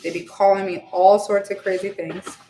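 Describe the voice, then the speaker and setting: A woman's voice: medium pitch, little pitch movement, moderate pace, warm tone. Chatty woman baking in an echoey kitchen. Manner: chatty, laughs often, trails off with fillers. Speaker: vlogger baking on a livestream. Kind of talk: casual chat while baking. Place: home kitchen. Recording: echoey kitchen with faint ambience.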